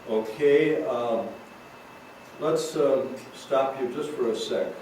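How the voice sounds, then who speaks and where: A man teaching drum rudiments, patient and explanatory as he counts out beats. He is picked up from a distance in a very echoey room. A steady layer of room noise sits under his voice. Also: medium pitch, slow pace. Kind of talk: recorded teaching session. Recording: roomy echo, distant mic, noisy.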